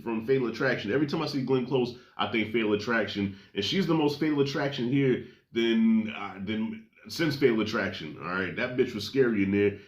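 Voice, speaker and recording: A man giving a casual, profane, jokey movie review with lively storytelling. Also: mid-range voice, roomy sound. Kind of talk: casual spoken film review.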